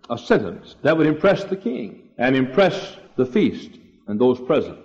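An older man preaches with a lively, swinging delivery and a fairly high voice, his refrains ringing out with force. The old church recording is muffled and lo-fi, with long reverb trailing behind every phrase. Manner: emphatic preaching, shouting refrains. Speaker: pastor. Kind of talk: sermon.

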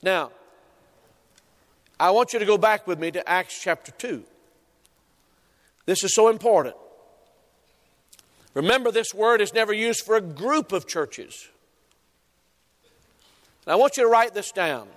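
High-voiced preacher in a reverberant hall. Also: male voice, animated, fairly bright tone. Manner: emphatic preaching with repeated phrases and drawn-out stresses. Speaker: pastor. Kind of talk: sermon.

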